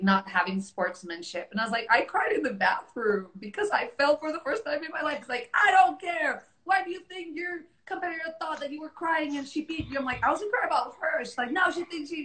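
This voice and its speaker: A woman's voice: medium pitch, sharp tone. Chatty woman host, echoey room. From Mexico. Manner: chatty, many fillers, dramatic acted quotes. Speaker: host and technical specialist. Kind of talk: casual interview chat.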